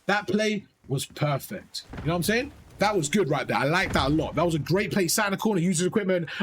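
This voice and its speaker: A man's voice: high voice, very fast, slight background noise. A man giving live coaching commentary over gameplay, rattling off repeated urgent instructions and talking to his chat. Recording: game gunfire loud behind voice. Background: game gunfire and sound effects.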